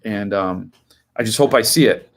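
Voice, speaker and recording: A man's voice: lowish voice, normal speed. A man in his fifties hosting a live stream, chatting casually as he answers viewers' comments and now and then flaring into indignant rants.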